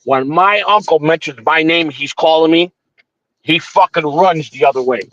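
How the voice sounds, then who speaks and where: Guy host rambling thru a story, cussing a lot, flat lo-fi stream audio, no room. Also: fairly high pitch, moderate pace, dry recording. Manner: profane, rambling, frequent restarts. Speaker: morning show host. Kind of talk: casual storytelling chat. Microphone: streaming setup.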